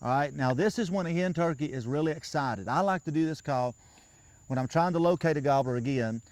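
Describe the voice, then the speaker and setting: A man's voice: on the high side, fairly quick, a little mellow, dry recording. A man giving a patient, folksy hands-on lesson outdoors, often repeating himself as he coaches a beginner. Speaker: turkey calling instructor.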